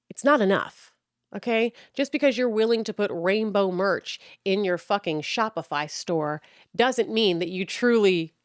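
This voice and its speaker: A woman's voice: medium pitch, dry recording. Woman in her 30s going off, lots of swearing, mocking, dry close mic. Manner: profane, blunt, heated, mocking. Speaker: podcast host. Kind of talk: ranting monologue.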